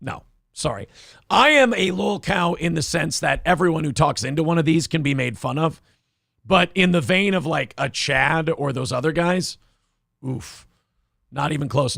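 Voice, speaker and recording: Gravelly sarcastic male show host. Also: fairly high pitch, lively intonation, moderate pace, fairly bright tone, dry recording, clean studio sound. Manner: sarcastic, mocking. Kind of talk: casual chat.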